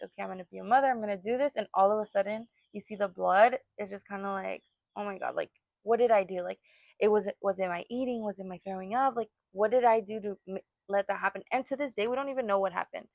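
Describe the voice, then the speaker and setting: A woman's voice: medium pitch, quick pace, gravelly, a little mellow, no echo, dull audio. A young woman co-hosting a casual chat, telling a personal story with feeling and lots of fillers. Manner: emotional storytelling, many fillers. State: pregnant or new mother. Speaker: podcast co-host.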